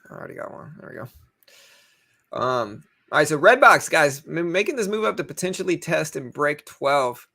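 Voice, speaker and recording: A young man hosting a live trading stream, chatting quickly through market commentary and rapid ad reads. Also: on the high side, big pitch swings, sharp tone. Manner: fast, chatty, gravelly delivery with quick ad reads. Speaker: trading livestream host.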